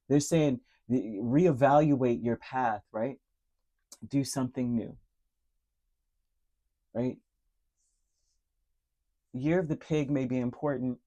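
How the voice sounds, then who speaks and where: A man's voice: mid-range voice, warm tone, lo-fi sound. A man giving a tarot reading straight to the listener, earnest and emotional, repeating key words with frequent fillers and restarts. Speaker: tarot reader. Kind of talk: direct-to-camera tarot reading.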